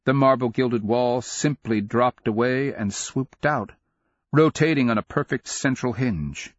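A man narrating a fantasy audiobook in a measured, dramatic storytelling manner. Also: medium pitch, dry recording, muffled recording.

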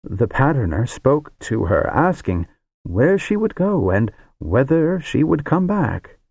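A man voicing a grave male wizard who tells a story with solemn, hushed awe. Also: mid-range voice, very animated, takes it slowly, gravelly, husky, dry recording, voice pushed up, exaggerated voice.

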